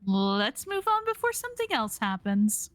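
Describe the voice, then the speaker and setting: A woman playing in a tabletop game, speaking in a slow, measured way. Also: on the high side, big pitch swings, no room sound, faint music behind. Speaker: player.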